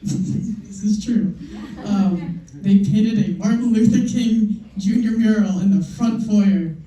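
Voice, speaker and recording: A woman's voice: medium pitch, takes it slowly, mellow. Young woman doing stand-up, echoey room. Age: young adult. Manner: self-mocking, conversational storytelling. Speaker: stand-up comedian. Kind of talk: stand-up comedy set. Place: live comedy show in a room. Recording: echoey room, mic far off, noisy.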